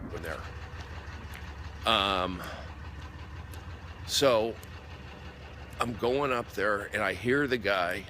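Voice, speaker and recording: A man's voice: on the low side, drawn-out words, pauses often. Rambling comedian man on a noisy street. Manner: rambling, repeats himself, restarts phrases; gets worked up and loud. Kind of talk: casual livestream storytelling. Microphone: phone livestream.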